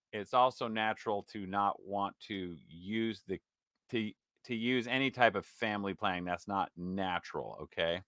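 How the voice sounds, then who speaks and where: A man commenting on a recorded lecture, pausing it to argue and rebut point by point. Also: mid-range voice, bright, forceful tone, smooth, dry recording, clean studio sound. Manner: argumentative, interjecting, pausing and rebutting. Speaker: commentator reacting to a clip. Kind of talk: casual commentary.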